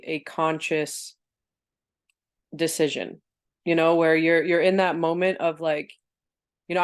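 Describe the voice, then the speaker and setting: A young woman with a congested, stuffy nose talks in a chatty, thinking-aloud way during a casual group discussion. Her voice is low yet smooth and clear despite the stuffiness. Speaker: book club team member.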